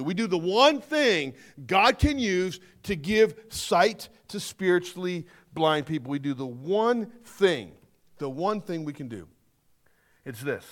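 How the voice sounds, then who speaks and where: Man preaching, pretty high voice, swings up and down a lot, hits the big words slow. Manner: emphatic, slows down to stress key phrases. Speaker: pastor. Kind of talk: sermon.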